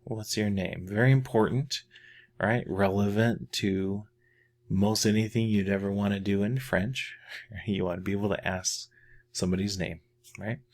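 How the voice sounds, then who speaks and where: A man teaching a beginner French lesson in a casual, patient way, often repeating words slowly to model how they sound. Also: on the low side, fairly even intonation, a little mellow. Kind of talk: casual video language lesson.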